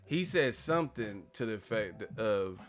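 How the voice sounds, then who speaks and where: Over faint background music, a man with a lowish, expressive voice takes his time as he chats casually on a live stream. He's the commentator, laughing often, cursing, using slang and imitating others.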